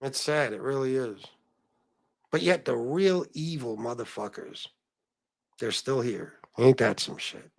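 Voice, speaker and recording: A man's voice: medium pitch, lively intonation, a little slow, vocal fry, no echo. A man hosting a casual livestream, reading chat comments aloud, blunt and profane, calling viewers bro. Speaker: livestream host.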